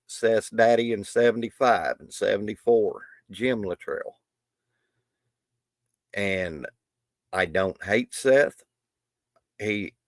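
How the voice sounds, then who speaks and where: A middle-aged man with a drawl hosts a live stream in a loose, folksy ramble, often restarting his sentences. His voice sits on the low side and sounds dry and close, with almost no room around it. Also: no room sound. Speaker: livestream host. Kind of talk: casual live stream talk.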